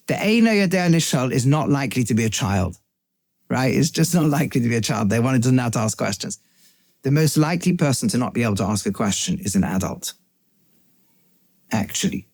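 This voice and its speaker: A man, a rabbi, giving an animated explanatory lecture, asking many rhetorical questions and translating Hebrew and Aramaic phrases as he goes. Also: medium pitch, dry recording. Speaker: rabbi teaching a series.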